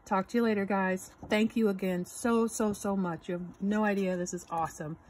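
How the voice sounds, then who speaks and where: A woman's voice: medium pitch, fairly even intonation, normal speed, darkish tone, a little hiss or hum. A woman hosting her own channel, gushing and exclaiming as she unboxes a gift box. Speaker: channel host. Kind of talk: unboxing vlog.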